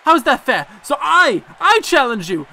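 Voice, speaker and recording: A man's voice: sing-song, moderate pace, sharp tone, full character voice. A man voicing a cocky Irish woman wrestler in a mock Irish accent, delivering a defiant video game promo with brash trash talk. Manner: brash trash talk, higher than his own voice.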